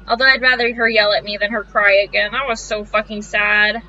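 A woman's voice: mid-range voice, flat delivery, brisk, few pauses, sharp tone. A young woman streaming a game, reading its text aloud and reacting with jittery, swearing commentary. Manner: swears freely, jittery and easily spooked. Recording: crunchy lo-fi audio.

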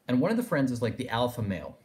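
A man's voice: mid-range voice, huge pitch swings, rapid-fire, a little mellow. Discursive male philosophy lecturer. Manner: discursive, thinking aloud with fillers like "in a sense". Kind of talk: recorded lecture.

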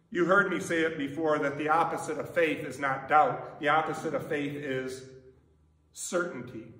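A man's voice: on the high side, bright, forceful tone. A man preaching a sermon as pastor, in a conversational way with many rhetorical questions. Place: church sanctuary. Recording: echoey church from a distant mic.

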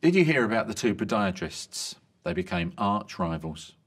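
A man reading a string of medical jokes in a lively delivery. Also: lowish voice, moderate pace. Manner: lively joke delivery, bright voices for quoted lines.

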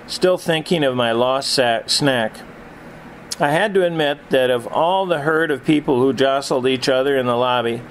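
A man narrating a story in a reflective, measured storytelling manner. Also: mid-range voice, a little hiss or hum, poor audio. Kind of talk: storytelling reading.

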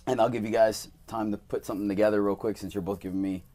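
A young man hosting a casual podcast interview, telling animated stories and acting out quoted voices. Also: on the low side, quick pace. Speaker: podcast host and male dancer.

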